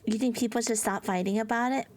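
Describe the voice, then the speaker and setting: A woman's voice: fairly high pitch, fairly even intonation, fast, darkish tone. A woman streamer chatting live with her viewers, giggly and playful, teasing them with dramatic mock outrage.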